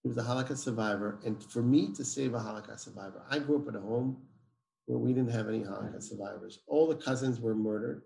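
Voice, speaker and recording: A man's voice: medium pitch, fast talker, vocal fry, warm tone. A man, a guest telling a personal story emphatically and acting out the dialogue. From Israel. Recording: roomy echo.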